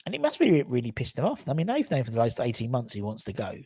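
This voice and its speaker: A man hosting a live football fan show, chatting casually, animated and sweary, reading viewer comments aloud. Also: medium pitch, fast talker, husky, no echo, clean studio sound. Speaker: fan channel host. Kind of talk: casual live matchday chat.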